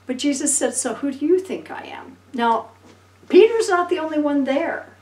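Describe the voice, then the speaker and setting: A woman pastor preaching a sermon, telling Bible stories with lively acted-out voices and laughter. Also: high voice, moderate pace, echoey room, far from the mic, low-quality recording. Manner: animated storytelling, acting out voices and laughing.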